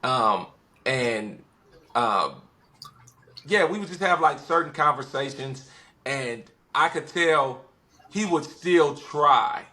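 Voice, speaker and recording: An animated storyteller from West Los Angeles, guesting on a podcast, takes his time in casual conversation, voicing other people's quotes. His voice is medium in pitch and he speaks slowly.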